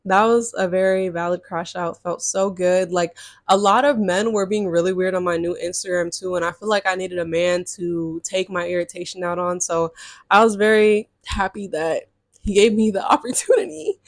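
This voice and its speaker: A woman's voice: medium pitch, moderate pace, no echo. Young woman in a dry, close storytime. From California. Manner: chatty, exasperated, slangy storytelling. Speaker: storytime vlogger. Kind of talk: casual storytime.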